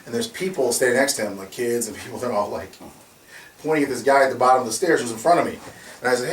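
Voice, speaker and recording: A man casually telling a story in an animated way, laughing often and acting out the voices in his quotes. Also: medium pitch, racing, distant mic, a little hiss or hum. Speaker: security company founder telling a story. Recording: echoey room from off mic, faint ambience.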